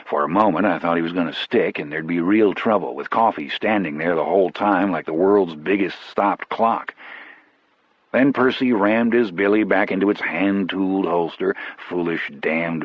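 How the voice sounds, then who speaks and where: A man narrating an audiobook in a measured, grave first-person storytelling style. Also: low voice, husky, no echo, dull audio.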